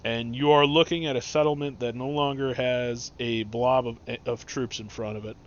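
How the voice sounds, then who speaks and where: A man's voice: mid-range voice, fairly even intonation, moderate pace. A man narrating as game master of a tabletop game, in casual, rambling speech over an online voice chat. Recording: dull lo-fi recording.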